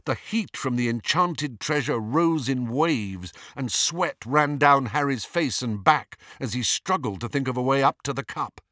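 A man's voice: mid-range voice, unhurried, hardly any pauses, pushed and bright, no room sound. Dramatic male storybook narrator, dry. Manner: dramatic, suspenseful reading. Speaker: audiobook narrator.

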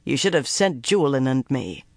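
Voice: mid-range voice, sing-song, moderate pace, no room sound. A narrator voicing a gnarled, white-haired old man who speaks dryly with worn-thin patience, in a dry, close recording. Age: over 60. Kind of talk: audiobook character voice.

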